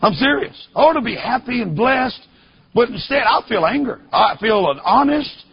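Husky-voiced man preaching emphatically. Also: very high voice, expressive, normal speed. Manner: emphatic, repeats rhetorical questions to the congregation. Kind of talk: sermon storytelling. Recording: dull lo-fi recording.

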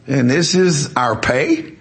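A man's voice: mid-range voice, slow pace, vocal fry. A man preaching a sermon, telling a story emphatically and repeating words as he builds it.

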